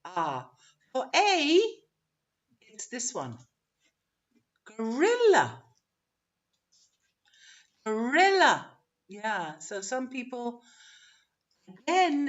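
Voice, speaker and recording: A woman's voice: a little high, lo-fi sound. A woman teaching English pronunciation in an online webinar, drawing out example words and laughing often.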